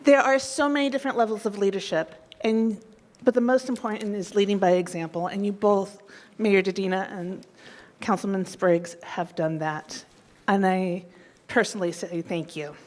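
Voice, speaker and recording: A woman giving a heartfelt, tearful tribute speech at a city council meeting, speaking slowly and fighting back emotion. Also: medium pitch, steady tone, darkish tone. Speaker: public commenter. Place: council chamber.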